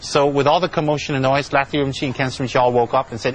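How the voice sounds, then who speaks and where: A man's voice: medium pitch, fairly even intonation, rapid-fire, slight background noise, poor audio. A man, a monk, telling a personal story in a chatty way, repeating himself and using many fillers. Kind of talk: spoken storytelling talk.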